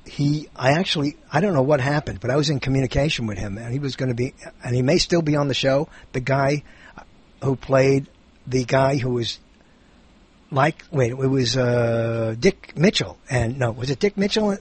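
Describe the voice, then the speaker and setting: A man hosting a casual film chat, animated and jokey. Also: mid-range voice, normal speed, breathy edge. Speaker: podcast host.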